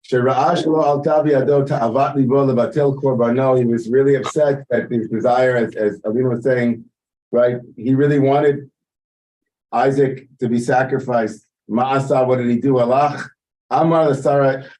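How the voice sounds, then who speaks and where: A man leads a Torah study lesson, translating the Hebrew phrase by phrase and explaining it in a loose, informal way. His voice is mellow and dark. It is heard from a little distance, away from the mic. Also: mid-range voice, fairly even intonation, moderate pace, a little hiss or hum. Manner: explains Hebrew text line by line, translating as he goes. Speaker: teacher leading text study.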